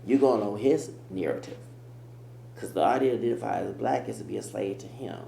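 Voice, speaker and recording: A man's voice: lowish voice, a little fast, gravelly, warm tone. A man giving rambling, emphatic reaction commentary as host of his own channel. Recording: echoey room with faint hum.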